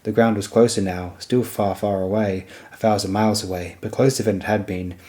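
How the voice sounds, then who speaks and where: A man narrating a fantasy novel as an audiobook in a steady storytelling manner. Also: on the low side, brisk.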